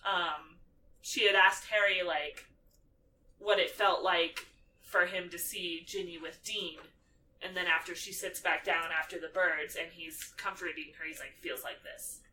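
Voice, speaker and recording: A woman co-hosting a podcast, casually recapping a movie and acting out the characters' lines in lively voices. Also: on the low side, a little slow, recorded from a distance, a little hiss or hum, low-quality recording. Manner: animated, acts out quotes in character voices. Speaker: podcast co-host.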